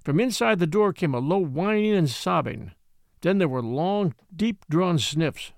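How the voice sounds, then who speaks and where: A man narrating a classic adventure novel in an expressive storytelling style. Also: a little high, measured pace, vocal fry, no echo, studio quality. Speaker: audiobook narrator.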